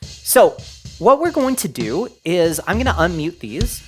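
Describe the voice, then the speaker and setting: Man, tutorial host, animated pitch, casual explaining, faint drum music underneath. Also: moderate pace. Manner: lively, relaxed explaining with many "go ahead" phrases.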